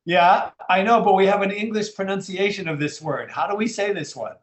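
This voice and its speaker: A man's voice: sits high, brisk, reverberant. A man teaching an English class, playful and teasing with his students.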